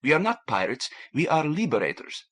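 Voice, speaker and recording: Man voicing a male ship's mate, foreign accent, precise, earnest, higher pitch. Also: big pitch swings, fairly quick, a bit bright. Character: stocky male ship's mate, idealistic rebel.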